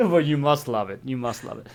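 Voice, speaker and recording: Animated young man, rambling comedy chat. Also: mid-range voice, brisk. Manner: animated, rambling, stumbling restarts. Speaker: podcast co-host. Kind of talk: satirical comedy chat as a film bro.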